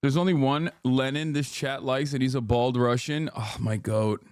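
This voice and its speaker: A man hosting a live stream, talking in brash, profane, casual commentary with quick asides into a close mic. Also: mid-range voice, fairly even intonation, a little mellow, smooth, dry recording. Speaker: livestream host.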